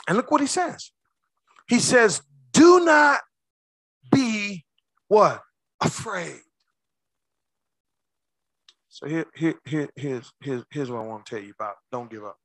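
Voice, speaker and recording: Here a man gives a sermon in a bright, high-pitched voice, going from booming shouts to near-whispers as he calls out to the congregation. The recording is close and dry.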